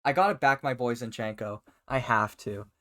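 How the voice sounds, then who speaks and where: A man of middle pitch co-hosting a chat over an online call. He sounds relaxed and joking as he keeps the turns moving. It is casual conversation, not a scripted read. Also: moderate pace. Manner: laid-back, joking, runs the turn order. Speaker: co-host.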